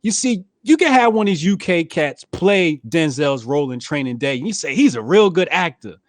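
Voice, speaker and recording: A man co-hosting a podcast in casual chat, animated and quick to laugh loudly. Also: fairly high pitch, no echo. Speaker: podcast co-host.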